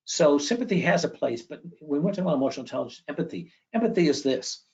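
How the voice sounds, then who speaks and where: A man giving an educational presentation with slides, conversational and often checking in with a quick "okay?". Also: a little high, expressive, gravelly. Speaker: education speaker. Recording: dull lo-fi recording.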